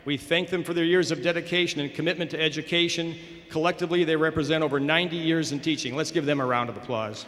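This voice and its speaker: Man giving a bright, echoing commencement speech. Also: a little high, a little hiss or hum. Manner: measured, encouraging, declamatory. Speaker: school administrator giving a graduation address. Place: large hall at a graduation ceremony. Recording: echoey hall over a public address system.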